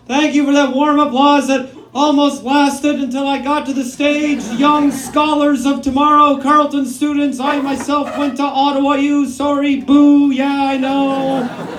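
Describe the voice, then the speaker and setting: A man's voice: very high-pitched, level tone, moderate pace, hardly any pauses, fairly bright tone, roomy sound, a little hiss or hum. A man, doing a self-mocking, rambling stand-up set on a comedy club stage. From Canada. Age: 40s.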